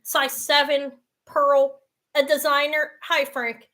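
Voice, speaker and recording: A middle-aged woman hosting a live jewelry sale, chatty and self-mocking, swearing freely and breaking into loud laughter. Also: high-pitched, flat delivery, slow. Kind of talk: casual live-stream selling.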